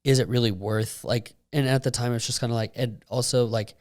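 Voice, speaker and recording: A young man co-hosting a casual podcast, talking in a rambling way with lots of fillers and getting animated when he retells a story. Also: medium pitch, brisk. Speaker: podcast co-host. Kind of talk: casual chat.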